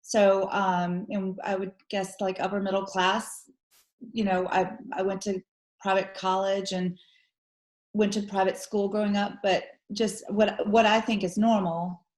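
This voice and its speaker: A woman's voice: medium pitch, flat delivery, measured pace, darkish tone. A woman in her forties from Georgia with a Southern accent, a guest chatting casually and laughing easily. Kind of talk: casual interview chat. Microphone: video call. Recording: echoey room on a video call.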